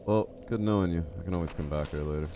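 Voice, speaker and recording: A man's voice: deep voice, fast talker, background noise. A man streaming a game live, chatting casually and joking with his viewers. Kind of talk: casual live-stream chat while playing.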